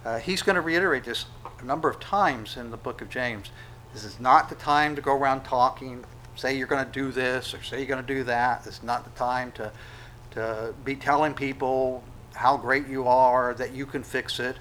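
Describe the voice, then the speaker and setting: A man preaching a sermon, conversational, with sudden loud acted-out quotes. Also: mid-range voice, steady tone, normal speed, a little hiss or hum, poor audio. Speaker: pastor.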